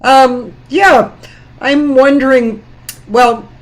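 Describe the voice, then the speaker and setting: A woman hosting a casual live interview, asking questions in a halting way full of fillers. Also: high voice, fairly even intonation. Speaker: host.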